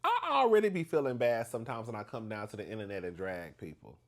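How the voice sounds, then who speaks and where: Male vlog host, casual storytime gossip, very expressive sing-song delivery, quick to laugh. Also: on the low side. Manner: animated and gossipy, keeps calling the listener "girl"; laughs often between lines.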